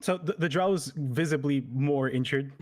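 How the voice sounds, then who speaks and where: A man's voice: on the high side, a little slow, a little mellow. A man playing a tabletop game, describing his character's actions with frequent hesitations and fillers. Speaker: player.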